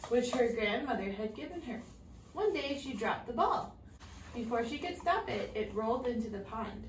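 A woman's voice: on the high side, animated, moderate pace. A woman teaching English to young children, reading a storybook aloud and asking them patient, simple questions. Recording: echoey room, far from the mic, faint noise.

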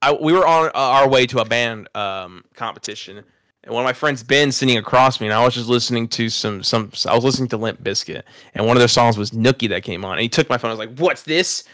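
Bright-voiced young man rambling. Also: mid-range voice, fast, no echo, clean studio sound. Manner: rambling, profane, laughs at himself. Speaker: podcast host. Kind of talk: casual storytelling chat.

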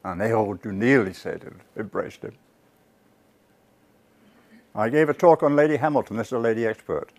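A man lecturing on history before a live audience, at a mid-range pitch. He tells the tale like a story, turns to the listeners with asides, and stops to correct himself mid-word. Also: moderate pace, pauses often, a little mellow. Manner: self-corrects and restarts words.

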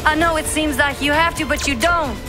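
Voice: a little fast, over music, close to an everyday voice. A singer doing a screaming Southern dad. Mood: frantic. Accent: put-on Southern American. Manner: screaming, high and loud. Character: frantic father shouting after his son.

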